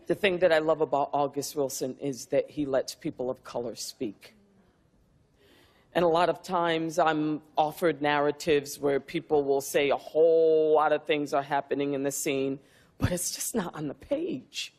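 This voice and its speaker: A woman's voice: low-pitched, normal speed, darkish tone. A woman in her fifties, an actress answering questions backstage in a press room, speaking in a reflective, heartfelt way. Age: 50s. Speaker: award-winning actress, interview guest.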